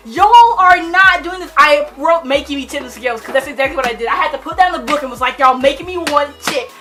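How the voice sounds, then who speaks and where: A young adult woman rambling excitedly through a book chat, gushing and full of fillers. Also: sits high, fast talker, music in the background. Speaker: book vlogger.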